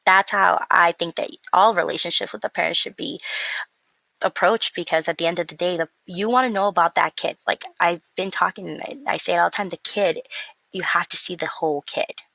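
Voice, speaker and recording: The young woman, who works in early childhood education, speaks a little fast in a fairly low voice with vocal fry. She's an animated storyteller who acts out quotes during a casual interview, captured in a dry, low-quality recording.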